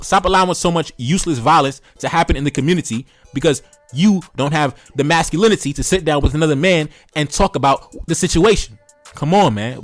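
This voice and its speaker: A man's voice: fairly high pitch, dry recording. A man hosting a commentary channel, lecturing his audience in an emphatic, repetitive, preachy way. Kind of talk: preachy direct-to-camera commentary.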